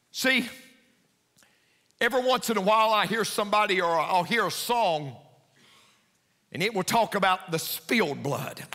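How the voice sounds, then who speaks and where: A man preaching a sermon as pastor in a church, swinging between hushed, low passages and high, intense climbs. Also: animated, a little slow, long pauses, long reverb tail. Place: church sanctuary.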